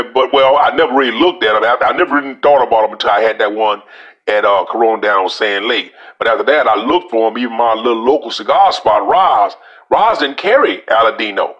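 Louisiana man, folksy cigar reviewer, mid-pitched voice, chatty vlog delivery. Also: fairly bright tone, highs cut off. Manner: folksy, talks straight to viewers as y'all.

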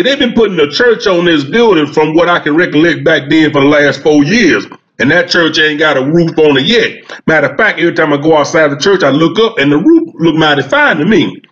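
A man's voice: on the high side, a bit bright. A man telling a long, folksy comic story and acting out the dialogue. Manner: folksy, drawling Southern storytelling with quoted dialogue. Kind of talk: storytelling stand-up monologue. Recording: dull, muffled sound.

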